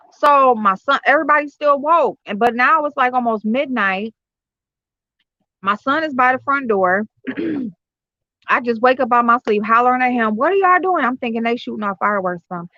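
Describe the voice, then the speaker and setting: Bright-voiced woman chatting on a livestream. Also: fairly high pitch, no echo. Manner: loose, profane, storytelling with many fillers. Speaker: livestream host chatting with viewers. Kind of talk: casual livestream chat. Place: at home, indoors. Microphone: streaming software on computer or phone. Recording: slightly dull lo-fi stream audio.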